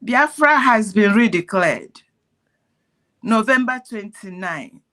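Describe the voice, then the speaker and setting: A woman's voice: mid-range voice, animated, slow, fairly bright tone. A woman giving earnest, preachy commentary in parables, sounding pained. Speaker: activist speaking on a call. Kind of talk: impassioned commentary.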